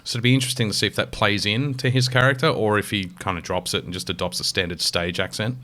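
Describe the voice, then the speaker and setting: An Australian man chatting on a podcast in a slightly low voice. He rambles enthusiastically, restarts often, and swears casually. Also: steady tone, fast, bright, forceful tone. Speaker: podcast co-host. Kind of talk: casual chat.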